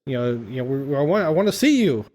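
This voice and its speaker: Male podcast host, high voice, chatty recap delivery. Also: sing-song, fast talker, darkish tone. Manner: retelling scenes with enthusiasm. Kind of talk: casual film-recap chat.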